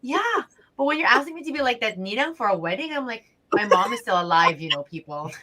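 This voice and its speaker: A woman's voice: mid-range voice, lively intonation, fast talker, pushed and bright. A woman co-hosting a casual podcast, chatty, reading off names at the close. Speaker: co-host.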